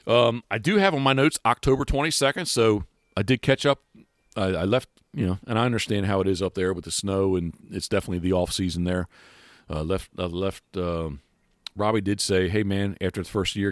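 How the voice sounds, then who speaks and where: A man's voice: low voice, no echo, clean studio sound. A man hosting a podcast in casual chat, rambling with many restarts and fillers. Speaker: podcast host. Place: outdoors.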